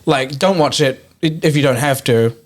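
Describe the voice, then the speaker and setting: A man's voice: medium pitch, normal speed. A man co-hosting a casual podcast chat who rambles through explanations, swears freely and laughs often. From New Zealand. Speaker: podcast co-host.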